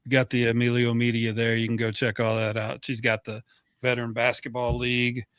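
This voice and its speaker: A man's voice: mid-range voice, monotone, brisk, a bit bright, smooth, dry recording. A male podcast co-host casually pointing listeners to links and past episodes. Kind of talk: casual show chat.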